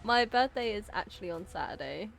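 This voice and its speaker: A woman's voice: medium pitch, animated, brisk, gravelly, a bit bright, soft background music. A woman chatting casually to her viewers on a live game stream, giggling now and then and talking straight to chat.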